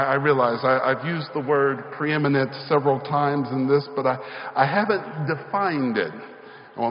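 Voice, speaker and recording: A male pastor giving a sermon in a church sanctuary. He speaks in a rhythmic call-and-response style with rising emphasis. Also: a little high. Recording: echoey hall, slightly dull sound.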